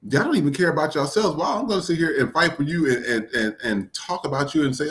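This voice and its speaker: A man's voice: fairly high pitch, animated, fast talker, hardly any pauses, fairly bright tone, a little hiss or hum. A man co-hosting a podcast, ranting in heated, casual, profane commentary with exasperation. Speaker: podcast co-host.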